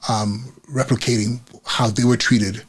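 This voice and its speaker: A man's voice: mid-range voice, steady tone, unhurried, slightly rough. A man hosting a podcast, earnestly retelling a story from his career as an educator, acting out the quotes with frequent restarts. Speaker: podcast host, school principal. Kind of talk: personal storytelling monologue.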